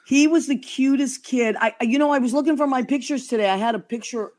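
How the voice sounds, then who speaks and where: A woman's voice: high-pitched, fast, darkish tone. A woman hosting a casual chat show, gushing and affectionate with her guests. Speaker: host.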